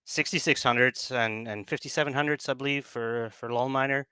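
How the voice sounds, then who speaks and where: A man's voice: mid-range voice, steady tone, fairly quick, bright, forceful tone, clean tone, dry recording. A man on a remote call, explaining things as a business developer in a casual chat, with many fillers and restarts. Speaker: guest, project business developer.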